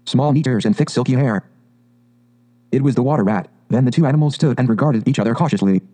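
A man reading a storybook aloud in a calm, measured, expressive way. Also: mid-range voice. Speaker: audiobook narrator. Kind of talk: scripted storybook narration.

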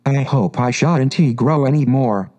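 A man's voice: mid-range voice, a little slow, dark tone, lightly acted. A man reading a storybook aloud and voicing a polite, curious little girl who speaks earnestly and a little plaintively. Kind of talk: audiobook reading.

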